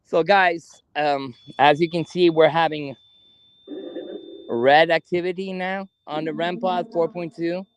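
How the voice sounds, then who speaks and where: A man, slowly asking spirits questions during a ghost hunt in a cemetery. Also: fairly high pitch, steady tone, smooth. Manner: slow, coaxing questions with long pauses. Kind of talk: paranormal investigation, talking to spirits. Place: cemetery at night.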